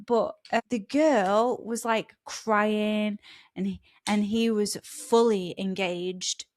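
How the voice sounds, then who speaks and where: A woman telling a personal spiritual story in a lively, laughing way, often restarting her sentences. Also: medium pitch, slow. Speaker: spiritual vlogger.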